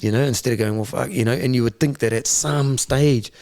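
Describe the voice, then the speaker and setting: A man's voice: medium pitch, brisk, vocal fry, a little mellow. A man, a guest candidly telling his life story in an interview, blunt, swearing freely and repeating words as he searches for them.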